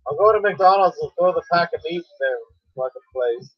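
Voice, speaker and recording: A man's voice: fairly high pitch, lively intonation, a little fast, husky, no room sound. A man rambling in a crude, vulgar, boisterous way, in dull lo-fi sound. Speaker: prank video personality. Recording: dull lo-fi recording.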